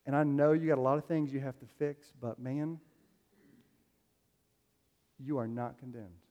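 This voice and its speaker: A man's voice: mid-range voice, fairly even intonation, a little slow, dull audio. A man preaching a sermon as a pastor, telling stories in a loose, conversational way with plenty of fillers. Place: church sanctuary. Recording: long hall reverb.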